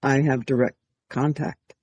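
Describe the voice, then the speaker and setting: A man hosting a casual podcast conversation as a medium, talking in a calm, measured, explanatory way. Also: mid-range voice, dry recording.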